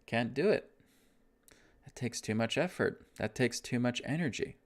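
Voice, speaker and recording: A man teaching a spiritual self-help lesson, guiding breathing in a slow, soothing way and often checking in with "right?". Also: medium pitch, lively intonation. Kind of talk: guided self-help talk.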